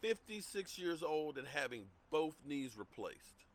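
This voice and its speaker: A man's voice: a little high, very animated, a little slow. A middle-aged man hosting a sports livestream, ranting heatedly and repeating himself as he gets worked up. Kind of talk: heated rant.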